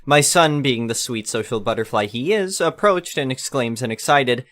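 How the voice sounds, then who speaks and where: A man's voice: medium pitch, expressive, normal speed, fairly bright tone. Man reading a storytime post. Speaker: narrator. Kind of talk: storytime narration of an online post.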